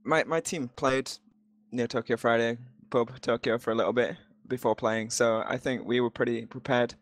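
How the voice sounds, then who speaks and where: A man's voice: mid-range voice, steady tone, moderate pace, dry recording, studio quality. A man being interviewed after a game match over voice chat, joking and laughing often, with a sore throat.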